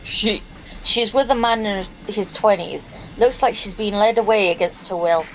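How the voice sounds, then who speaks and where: A woman co-hosting a let's play, reading game text and chatting in a relaxed, easygoing way. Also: mid-range voice, faint music behind, poor audio. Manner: relaxed, chatty, quick to laugh. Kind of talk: casual game commentary and reading.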